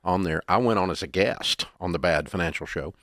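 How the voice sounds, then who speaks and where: A middle-aged man, telling stories in a folksy, animated way as an interview guest. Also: low voice, brisk, no echo, clean studio sound. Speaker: guest, business founder. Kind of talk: storytelling interview.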